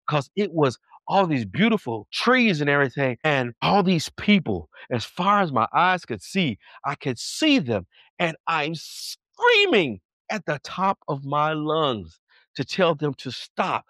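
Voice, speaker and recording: A man preaching a sermon with fervent emphasis, sometimes rushing and sometimes drawing his words out slowly. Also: on the high side, a bit bright, no room sound, studio quality. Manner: fervent, emphatic, shifts between fast bursts and slow drawn-out lines.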